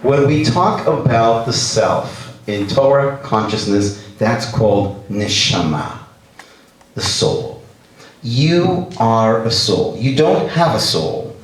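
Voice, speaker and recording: Rabbi, lively lecturer, big reverberant hall, mic set well back. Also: male voice, lowish voice, takes it slowly, a little hiss or hum. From Canada. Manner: animated, acts out characters. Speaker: rabbi, speaker. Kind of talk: humorous lecture with stories. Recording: echoey hall, distant mic.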